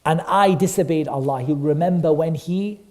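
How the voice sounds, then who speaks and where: Man telling a story to children, high and mellow. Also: moderate pace. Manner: animated, repeats phrases for emphasis, asks the children questions. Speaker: teacher of a kids' class.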